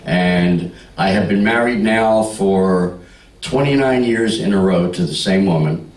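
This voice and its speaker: In a party room full of listeners, a sixty-something comedian spins stories into punchlines and talks back to the crowd. He speaks low and unhurried with a darkish tone, picked up by a far-off mic in a roomy space.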